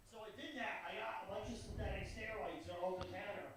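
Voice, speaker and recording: A man telling a deadpan comic story on stage at a live show. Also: high voice, fast talker, few pauses, distant mic, heavy background noise. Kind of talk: live comedy set. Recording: very echoey live room with crowd.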